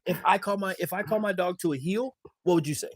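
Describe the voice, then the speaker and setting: A man hosting a casual podcast chat about dog training, lively and quick to laugh, often repeating words as he starts a thought. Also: sits high, crowd noise.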